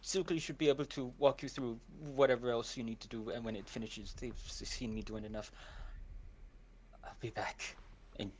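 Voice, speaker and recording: A man playing a tabletop game, talking in character in a hesitant, halting way. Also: mid-range voice, fairly even intonation, a little mellow. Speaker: player.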